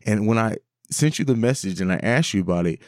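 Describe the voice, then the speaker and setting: A man's voice: fairly low pitch, expressive, fairly quick, no room sound, studio quality. A man hosting a podcast, recounting how the show began in an earnest, casual way. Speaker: podcast host.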